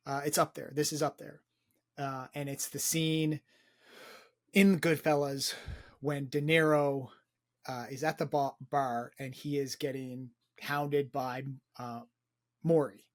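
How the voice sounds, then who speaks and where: An excited young man co-hosting a casual film podcast, his voice sitting a little higher than most. He rambles, stumbles over repeated words and drops casual swears as he gets carried away. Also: takes it slowly. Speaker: podcast co-host.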